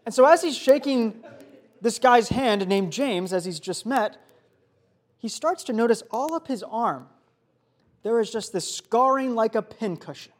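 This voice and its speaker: A young man giving a youth sermon, telling a story in a casual, animated way full of fillers. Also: very high-pitched, unhurried. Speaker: youth pastor.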